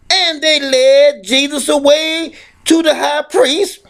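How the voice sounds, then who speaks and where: A man preaching a fiery sermon, reading scripture aloud and shouting emphatic points, often restarting his phrases. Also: very high-pitched, fairly even intonation, slow.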